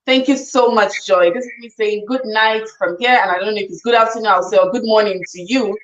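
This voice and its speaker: A woman's voice: medium pitch, fairly quick. A woman hosts a live online talk show. She keeps thanking and blessing her guest in an effusive way. Her recording sounds slightly dull and lo-fi. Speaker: host.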